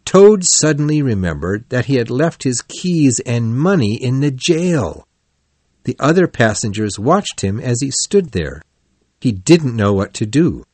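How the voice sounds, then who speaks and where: A man reading a children's storybook aloud as narrator, in an even, clear storytelling delivery. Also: medium pitch, unhurried, no room sound.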